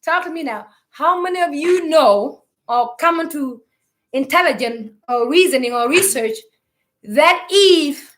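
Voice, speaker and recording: High, bright-voiced woman preaching emphatically. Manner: emphatic and preachy, with strings of rhetorical questions; calls out to her listeners to answer. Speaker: spiritual teacher addressing online followers. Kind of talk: livestream spiritual talk.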